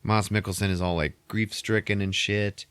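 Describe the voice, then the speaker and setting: A man hosting a podcast, recapping a film in a casual, profane way and acting out the characters in quick voices. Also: fairly low pitch, smooth, dry recording. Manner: animated retelling, heavy swearing, acts out characters in quick voices. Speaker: podcast host retelling a film.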